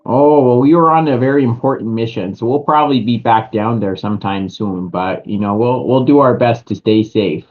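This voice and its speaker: A man's voice: mid-range voice, moderate pace, hardly any pauses, narrow, tinny audio, soft background music, close to an everyday voice. A man playing a big, good-natured adventurer in a tabletop game, rambling hesitantly. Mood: sheepish.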